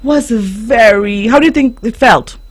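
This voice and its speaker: A woman reading a picture book aloud to a child on a radio show, stopping often to ask gentle questions and playing with animal sounds. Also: fairly high pitch, measured pace, slightly rough. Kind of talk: storybook reading with teaching questions. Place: radio studio.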